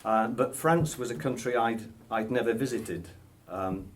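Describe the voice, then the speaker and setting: In a casual interview, a British-accented man in his sixties from Britain answers hesitantly, chuckling and using many ums. His medium-pitched voice is a little slow, and there's slight background noise.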